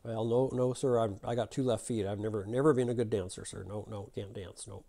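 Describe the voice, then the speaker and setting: Timid little prospector, meek and stammering politely, voiced by a man, mellow. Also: lowish voice, steady tone, brisk, vocal fry. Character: short timid male prospector from back east.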